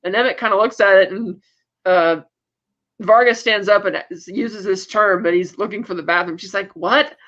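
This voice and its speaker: Podcast co-host, casual episode recap, rambling, acted-out quotes, middling pitch, dull lo-fi audio. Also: normal speed. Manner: animated, acts out characters' lines in quotes; rambling with frequent fillers and self-corrections.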